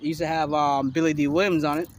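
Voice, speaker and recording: A man's voice: on the high side, little pitch movement, quick pace, a little hiss or hum. Rambling, cursing man in his forties. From Miami, Florida. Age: 40s. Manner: loose, profane, heavy filler talk. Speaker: vlogger. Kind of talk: rambling casual monologue to camera. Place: outdoors on a city street.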